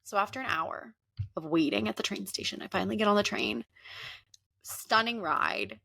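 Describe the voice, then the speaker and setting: Young woman, podcast host, casual chatty storyteller, animated, mid-pitched voice. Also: moderate pace, gravelly, breathy edge. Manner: animated, laughing, often acts out quoted people. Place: Los Angeles.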